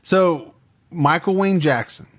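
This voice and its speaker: A man's voice: fairly high pitch, slow pace, fairly bright tone. A man co-hosting a podcast in casual, joking banter. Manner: joking, teasing, laughs often. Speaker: podcast co-host. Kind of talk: casual chat.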